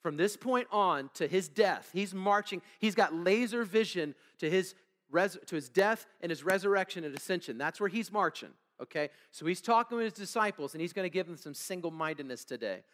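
High-voiced pastor in a reverberant hall. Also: male voice, lively intonation, a little fast, a bit bright. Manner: conversational preaching with frequent "okay?" and "all right?" check-ins; reads scripture aloud and asks the congregation to fill in words. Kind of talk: sermon. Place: church sanctuary.

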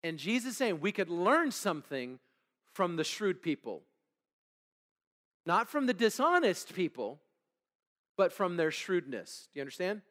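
High-voiced pastor in a reverberant hall. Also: male voice, sing-song, a little slow, pauses often, fairly bright tone. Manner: conversational preaching with frequent "okay?" and "all right?" check-ins; reads scripture aloud and asks the congregation to fill in words. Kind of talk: sermon. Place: church sanctuary.

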